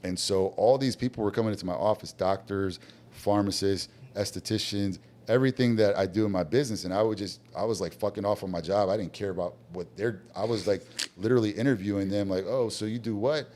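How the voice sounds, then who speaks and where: Man, very deep voice, casual storytelling, blunt, animated. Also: fast talker. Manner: blunt, animated, acts out quoted dialogue. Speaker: guest business owner.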